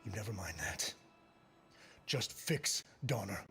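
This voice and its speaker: A cold, menacing kidnapper in a game cutscene, barking curt threats and orders. His voice swings widely in pitch while game music plays clearly behind him. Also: animated, takes it slowly. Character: menacing gruff male kidnapper threatening a doctor. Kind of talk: video game cutscene acting.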